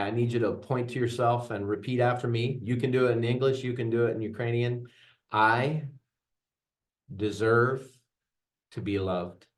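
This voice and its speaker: A middle-aged man, a veteran, giving an interactive workshop talk to an audience, earnest and mixing in jokey stories. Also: medium pitch. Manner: earnest, joking storyteller addressing audience. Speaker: veteran trainer.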